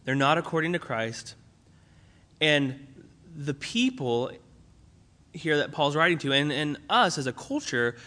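A man's voice: fairly high pitch, fairly bright tone. A young man preaching a sermon in a conversational way, with fillers and restarts as he explains a Bible passage. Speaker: pastor.

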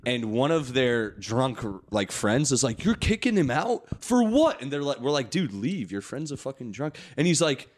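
A man hosting a comedy podcast, telling stories in casual chat and acting out the people in them with loud, shouty voices. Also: mid-range voice, normal speed, few pauses. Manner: animated, acts out quotes in loud shouty voices.

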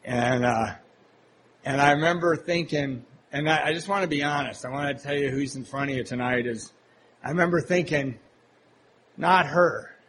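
A man from the US Pacific Northwest telling his recovery story to a meeting, candid and self-deprecating, often halting with fillers. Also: medium pitch, a bit bright, a little hiss or hum, rough recording. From Seattle, Washington, USA. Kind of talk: personal recovery story told to a live audience.

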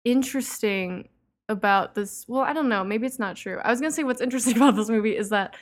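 A woman's voice: fairly high pitch, fast talker. A woman co-hosting a casual chat about a film, thoughtful and hesitant, often giggling. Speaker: podcast co-host.

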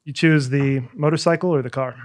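Man, joking co-host, slightly high voice, playful, casual talk. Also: fairly even intonation, brisk. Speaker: podcast co-host. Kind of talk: casual chat.

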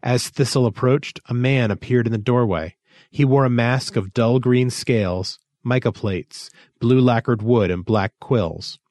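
A man reading a story aloud as narrator, in expressive, measured storytelling. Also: lowish voice, no echo, studio quality. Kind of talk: scripted audiobook narration.

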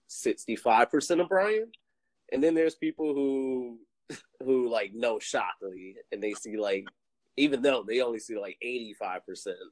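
A man's voice: on the low side, a little mellow, dry recording, rough recording. A man with a British accent speaking hesitantly in a casual group conversation, using lots of fillers.

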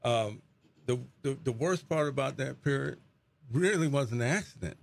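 Middle-aged male pastor guest, gravelly and earnest, reflective testimony delivery. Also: medium pitch, moderate pace. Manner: earnest, repeats words as he searches for them.

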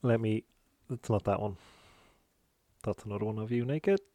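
A man's voice: on the low side, normal speed, mellow, dry recording. A man hosting a podcast, chatting casually and playfully, often swearing. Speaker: podcast host. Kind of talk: casual chat.

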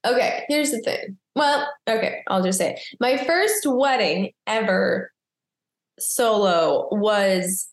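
A woman's voice: mid-range voice, takes it slowly. A young woman, a wedding photographer from Massachusetts, telling stories in casual podcast chat over a video call, giggly and self-deprecating. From Maynard, Massachusetts. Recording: roomy echo.

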